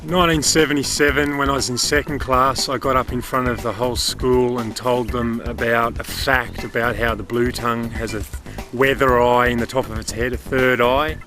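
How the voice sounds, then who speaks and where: A man, a guest comedian, giving deadpan, absurd answers to interview questions. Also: mid-range voice, normal speed, music in the background.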